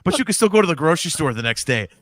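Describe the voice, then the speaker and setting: Male co-host, somewhat high voice, dry close mic, loose profane storyteller. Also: sing-song, very fast, no echo. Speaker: podcast co-host. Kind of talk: casual chat.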